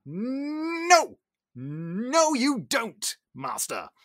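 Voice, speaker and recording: A man voicing a stuffy male clock servant who finally scolds his master, in a shrill, scolding outburst. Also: very animated, slow pace, creaky, pushed and bright, heavily acted. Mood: indignant.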